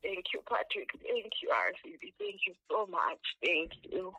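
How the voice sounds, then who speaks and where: A woman's voice: mid-range voice, wildly swooping pitch, normal speed, noisy background. A woman calling in to a live radio show, emotional and laughing through tears. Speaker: caller. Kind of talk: phone call on live radio.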